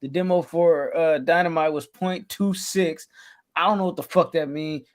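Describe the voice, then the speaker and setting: A man's voice: a little high, fairly even intonation, normal speed. A man co-hosting a podcast in loose, profane, joking banter. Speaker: podcast co-host. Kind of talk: casual chat.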